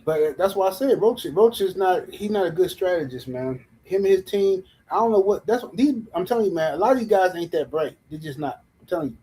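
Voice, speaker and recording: A man hosts a casual boxing commentary livestream. He rants in an animated, mocking way, full of slang and repeated jabs. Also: sits high, fairly quick, few pauses, low-quality recording. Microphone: livestream mic.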